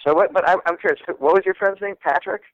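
A man, a guest comedian, telling a story in casual, animated talk, swearing freely and acting out the people in it. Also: sits high, fast talker, dull audio.

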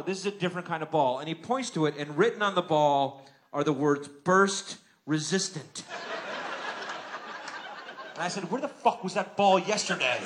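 A man doing a stand-up routine, telling a story in a profane way with quick acted-out dialogue. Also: fairly high pitch, a bit bright. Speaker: stand-up comedian.

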